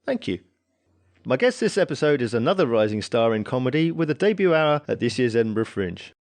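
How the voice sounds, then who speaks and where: A man's voice: medium pitch, sing-song, a little fast. A man hosting a comedy podcast, introducing his guest and asking questions in a friendly way. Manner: friendly, brief backchannels and laughs. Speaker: podcast host. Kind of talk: podcast interview.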